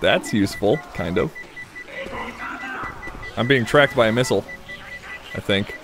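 A man's voice: on the low side, measured pace, music in the background. A man hosting a gameplay video, chatting casually, laughing often and muttering at other players.

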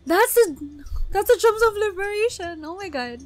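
A woman hosting an anime reaction video, talking casually and gushing with excited exclamations. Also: very high-pitched, moderate pace, dry recording.

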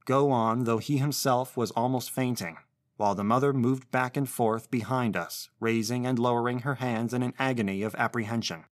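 A man narrating a literary short story in a measured, intense first-person reading. His voice sits at a middle pitch, recorded close and dry with no room sound. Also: fairly even intonation, no room sound.

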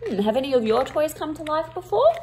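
A woman reading a picture book aloud to children, with expressive emphasis, and pausing to ask her listeners questions. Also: high voice. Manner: interactive, asks the listeners questions.

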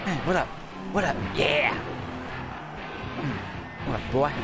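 A man giving excitable, cursing commentary while playing a video game, his voice going hoarse. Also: mid-range voice, takes it slowly. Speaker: gaming channel host. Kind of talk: casual gameplay commentary. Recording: game music loud behind voice. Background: video game music.

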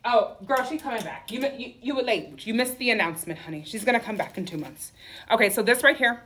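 A woman's voice: fairly high pitch, lively intonation, quick pace, a bit bright, husky. A woman running a live sale from her clothing store, with sassy, campy patter full of "okay?" and "honey". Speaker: boutique owner selling clothes on a livestream.

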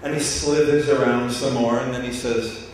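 A man telling a story to a live audience, animated and laughing as he goes. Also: medium pitch, moderate pace. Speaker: speaker. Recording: echoey hall, distant mic, noisy.

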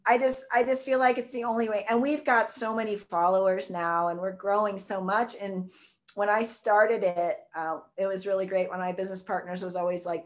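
A woman's voice: mid-range voice, fairly even intonation, normal speed. A woman, talking enthusiastically as an interview guest, rambling with lots of fillers. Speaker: guest, food truck co-owner. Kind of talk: casual interview chat.

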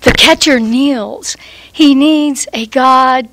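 A woman poet at a public reading, introducing her poem in a lively, conversational way before reciting it at a standing microphone. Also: high-pitched, slow pace, no room sound, poor audio.

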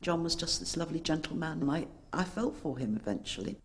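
An older woman giving an interview, reminiscing in a fond, chatty, slightly halting way. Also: low-pitched, animated. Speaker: interviewee, widow.

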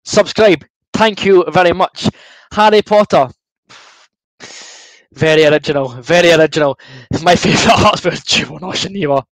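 A man's voice: fairly high pitch, moderate pace, fairly bright tone, dry recording, low-quality recording. A young Scottish man hosting a football watchalong stream, reading out viewer comments and answering them in a chatty, good-humoured way while feeling a bit queasy from fizzy juice. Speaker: livestream host.

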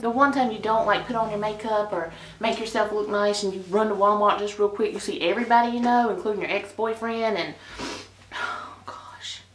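Woman vlogger, gushing chatty storyteller, mid pitch, echoey room. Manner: chatty and gushing, with sighs and laughs. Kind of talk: casual storytime.

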